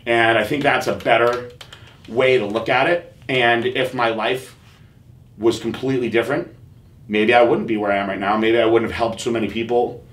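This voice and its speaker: A man hosting a podcast, telling a personal story in an earnest, halting way with many fillers and restarts. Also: medium pitch, roomy sound. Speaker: podcast host.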